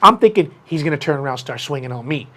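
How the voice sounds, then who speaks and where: Animated man telling a story. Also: fairly high pitch, fast talker. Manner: animated, acts out quoted people in a raised voice. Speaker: podcast host. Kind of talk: casual storytelling chat.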